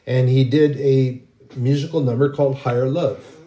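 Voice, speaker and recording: A man's voice: mid-range voice, steady tone, normal speed, warm tone. A middle-aged man giving an informal, rambling sermon, earnest and full of restarts. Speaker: Christian video preacher.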